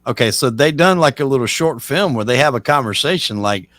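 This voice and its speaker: Male host, relaxed chatty questions, lots of ums and likes, average-pitched voice. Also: brisk, dry recording. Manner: easygoing, filler-heavy questioning. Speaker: podcast host. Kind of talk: casual interview chat.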